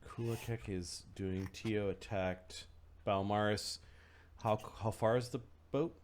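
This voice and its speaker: A man playing a tabletop game, reading rules aloud and thinking out loud with fillers. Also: lowish voice, fairly even intonation, slow pace. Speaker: player.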